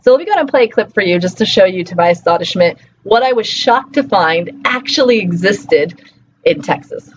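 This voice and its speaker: A woman gives a relaxed linguistics lecture, checking in with her students through frequent tag questions. The recording is a bit dull, with a faint hum of room noise behind her voice. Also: mid-range voice, a little fast. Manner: conversational, frequent "okay" and "right" tag questions. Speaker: linguistics instructor.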